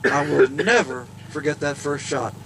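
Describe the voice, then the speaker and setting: A man's voice: on the high side, moderate pace, fairly bright tone, slight background noise. A man giving a humorous, folksy storytelling speech outdoors at a golf event. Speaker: golfer and speaker.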